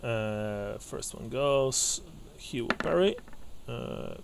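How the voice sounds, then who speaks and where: A man narrating as game master of a tabletop game, hesitant with many fillers and restarts, often breaking into quick laughs. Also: medium pitch, lively intonation, gravelly, noisy background.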